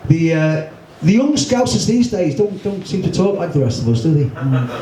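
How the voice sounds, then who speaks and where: Liverpool poet reciting comic rhymes live, slightly high voice, recorded from a distance in a reverberant room. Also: male voice, very animated, normal speed, mellow. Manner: rhythmic, rhyming delivery with wry humour. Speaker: poet and performer. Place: pub function room. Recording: echoey room, distant mic, faint hum.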